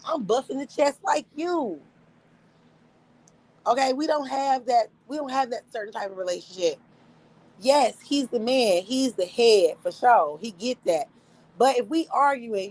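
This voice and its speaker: A woman's voice: a little high, moderate pace, poor audio. A young woman hosting a livestream, telling a story casually, with frequent laughter, profanity. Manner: animated, profane, laughs often. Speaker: livestream host.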